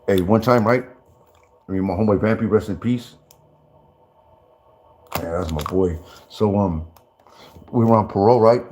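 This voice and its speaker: A man's voice: fairly low pitch, moderate pace, long pauses, darkish tone. A man telling stories in rambling, profane casual talk, stammering and restarting often and breaking into laughter. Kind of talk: casual storytelling.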